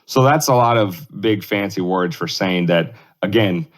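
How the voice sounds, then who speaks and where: A man's voice: low-pitched, measured pace. A man co-hosting a casual political podcast, rambling through his points, laughing often and swearing loosely. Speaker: podcast co-host.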